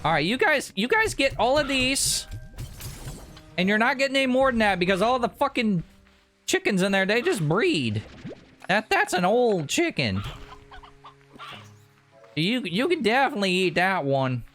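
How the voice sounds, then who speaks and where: Man doing a high hollering rancher voice, foul-mouthed, rowdy, lively swoops. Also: moderate pace, pauses often, faint music behind. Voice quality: high-pitched, hollering, swears a lot.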